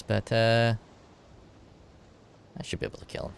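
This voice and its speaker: A man's voice: sits low, normal speed, creaky, a little hiss or hum. A man casually commenting over his own gameplay, thinking aloud and swearing freely. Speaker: gameplay streamer.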